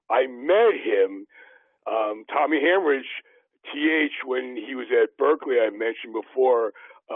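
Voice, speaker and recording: An older man telling rambling stories as a podcast host, halting with many fillers and restarts, heard over a tinny, dry, phone-like line. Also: medium pitch, no room sound. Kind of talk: anecdotal interview storytelling.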